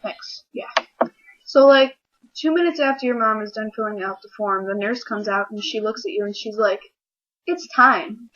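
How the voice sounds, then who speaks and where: A teenage girl ranting casually to camera, rambling and acting out little scenes in quick voices. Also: mid-range voice, fairly even intonation, dull audio, background noise. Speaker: vlogger. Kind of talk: casual comedic rant to camera.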